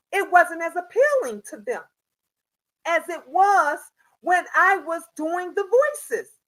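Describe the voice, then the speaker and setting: Over poor audio, a middle-aged woman with a high, fairly bright voice runs a livestream dispensing parenting tips. Her casual chat-driven talk is preachy and repetitive, and she calls out commenters by name.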